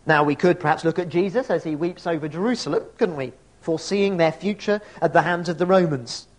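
High-voiced reflective male preacher. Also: brisk, a little mellow. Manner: reflective, with rhetorical questions; reads scripture and poetry aloud. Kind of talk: sermon.

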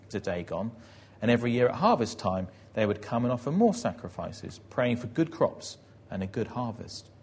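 Guy preaching, kinda husky, acts out the crowd yells and prayers. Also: medium pitch. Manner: vivid retelling, acting out crowd shouts and prayers. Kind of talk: dramatic sermon storytelling.

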